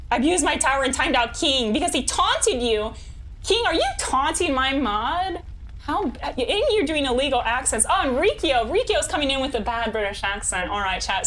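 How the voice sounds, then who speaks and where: A young woman talks casually with her live-stream chat while gaming. Her voice sits a little high and she laughs easily between thoughts. A faint hiss runs under the desk mic. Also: a bit bright. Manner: bubbly, laughs often, reads chat aloud.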